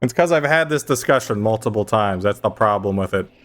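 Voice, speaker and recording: A man's voice: lowish voice, animated, brisk. A young adult man streaming a game, chatting casually and ranting with emphatic, mock-outraged insistence. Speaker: gaming streamer.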